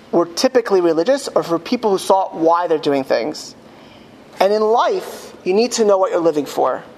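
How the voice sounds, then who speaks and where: A man telling a story to an audience with halting restarts, his voice rising to high cries in quoted lines. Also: a little hiss or hum. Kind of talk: impassioned storytelling talk. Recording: long hall reverb, faint ambience.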